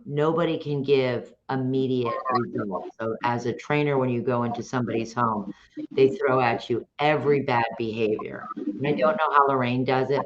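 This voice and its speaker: A talkative woman hosting a casual chat, a former dog trainer who calls herself a loudmouth, rambling in an animated way. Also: a bass voice. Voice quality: loud, talkative. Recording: dull lo-fi sound, faint noise.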